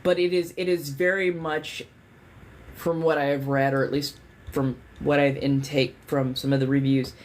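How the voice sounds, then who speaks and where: A woman's voice: deep voice, level tone, normal speed, a little mellow. Candid, cursing woman chatting on a livestream. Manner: rambling and candid, swears freely, many fillers. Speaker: livestream host. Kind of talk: casual livestream chat.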